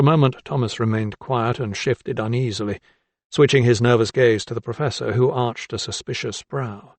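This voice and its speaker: A man narrating an audiobook in a calm, even storytelling voice. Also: mid-range voice, normal speed, no echo. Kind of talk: scripted narration.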